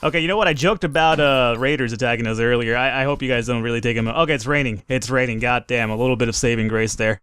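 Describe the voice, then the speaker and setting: A man commentating his own gameplay in a let's play, excitable, swearing and laughing at his own mistakes. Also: medium pitch, fast talker, hardly any pauses, clean tone. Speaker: gaming commentator.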